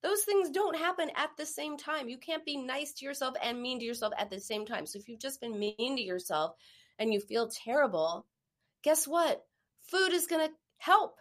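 A woman's voice: high-pitched, expressive, moderate pace. A woman hosting a live-streamed self-help talk, speaking earnestly in a coaching manner and now and then acting out a harsh inner voice. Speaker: host of a live stream on emotional eating.

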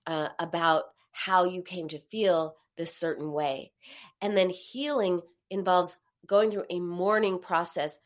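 A woman speaks in a voice of middle pitch, answering viewer questions in a live talk. She explains thoughtfully and often restarts phrases. She gets animated, acting out inner voices with big leaps in pitch.

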